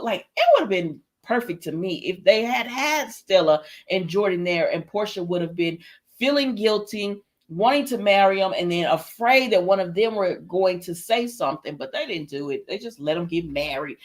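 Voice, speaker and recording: A woman hosting a live stream, chatting casually and animatedly, laughing often and reading viewers' comments aloud. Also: lowish voice. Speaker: livestream host reviewing a soap opera.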